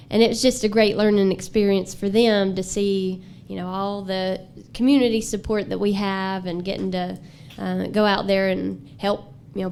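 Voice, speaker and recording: A woman speaks at a public meeting, her voice gravelly and fried at the edges. She talks haltingly, full of fillers and restarts. Faint noise sits under the recording. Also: mid-range voice, a little mellow. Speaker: horticulture teacher.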